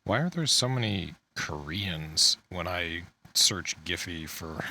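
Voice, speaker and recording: A man hosting a casual podcast chat, animated and swearing freely, laughing often. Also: low-pitched, slow pace, gravelly, a little hiss or hum. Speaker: podcast host.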